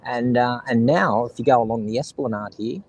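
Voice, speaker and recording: A man's voice: medium pitch, a little fast, low-quality recording. A middle-aged Australian man rambling and joking with his live stream chat, outdoors by the seaside. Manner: rambling, jokey, talks to chat viewers. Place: outdoors by the seaside, kids and seagulls around.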